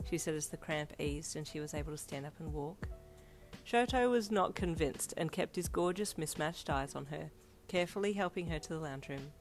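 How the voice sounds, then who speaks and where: A woman reading fanfiction aloud in a steady storybook narration. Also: sits low, normal speed. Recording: soft lofi piano behind.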